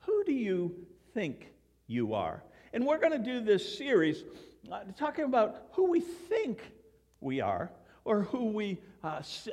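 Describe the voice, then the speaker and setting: An older man preaching to his church, slightly high-voiced for a man and very lively in pitch, rising and falling as he tells stories. He acts out quoted voices along the way. His voice rings with the long reverb of a large hall. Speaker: pastor. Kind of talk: sermon. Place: church sanctuary.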